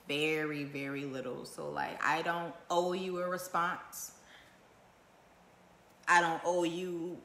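A woman with a low, forceful voice speaks her mind on a home livestream, blunt and swearing freely. She stacks up rhetorical questions one after another. The room around her adds a roomy echo. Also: a little hiss or hum. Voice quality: naturally loud voice. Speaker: vlogger going live. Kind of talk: casual live-stream monologue. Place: at home indoors.

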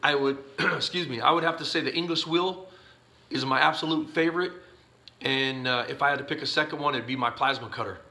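Tired guy rambling in his garage, bright twangy voice, lots of uhs, kinda sleepy. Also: mid-range voice, fairly quick, gravelly. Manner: rambling, folksy, with many uhs and restarts. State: sleepy, yawning. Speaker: YouTube channel host answering viewer questions. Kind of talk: casual chat to camera. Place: home garage workshop.

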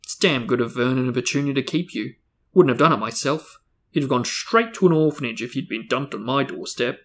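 A man reading aloud and putting on the voice of a loud, domineering middle-aged aunt with a booming, barking delivery. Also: a little fast, natural voice. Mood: booming, scolding.

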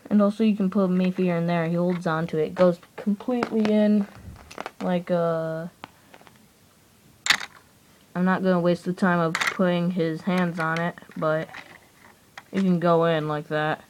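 Low-voiced woman casually reviewing a toy. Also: steady tone, moderate pace, long pauses, a little hiss or hum, low-quality recording. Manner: rambling, many "so, uh" fillers, trails off quieter.

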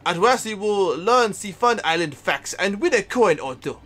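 A man doing a theatrical French-accented male guide, lively pitch, bright tone. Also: normal speed. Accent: put-on French. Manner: theatrical, broken English with French words.

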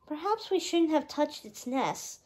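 A woman reading a storybook, voicing a gentle, fretful, kindly fairy woman in a high voice. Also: big pitch swings, unhurried. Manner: gentle and fretting.

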